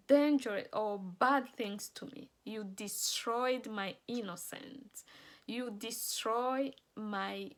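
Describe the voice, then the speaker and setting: A woman author giving an earnest, emotional personal testimony and promoting her books. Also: medium pitch.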